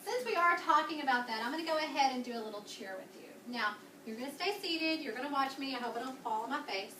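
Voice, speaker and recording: An elementary teacher coaches children upbeat and coaxing, repeating key words in a high, bright voice that is fast, forceful, and lively in intonation. Heard from far off via a distant camera, the classroom echoes, with slight background noise.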